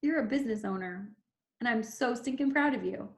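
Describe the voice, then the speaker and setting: Woman, team leader, emphatic pep talk, higher voice, echoey room. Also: fairly quick. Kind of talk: motivational team call.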